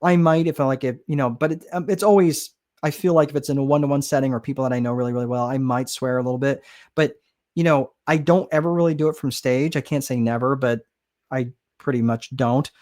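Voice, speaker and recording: A man's voice: mid-range voice, fairly even intonation, quick pace, a little mellow. A middle-aged man explaining how to write a book in a casual, rambling way, full of fillers and restarts. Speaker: business author and course host. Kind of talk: casual teaching monologue.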